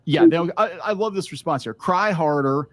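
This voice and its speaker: A man hosting a casual chat show as an artist. He speaks haltingly and often restarts his sentences. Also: on the high side, lively intonation. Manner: hesitant, halting, with many restarts. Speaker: host and artist.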